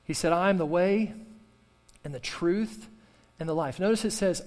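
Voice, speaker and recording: A man's voice: sits high, normal speed, darkish tone, big-room sound. A male pastor preaching a sermon with fervor, repeating key phrases and calling on the congregation to respond. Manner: impassioned preaching with repetition and call-and-response.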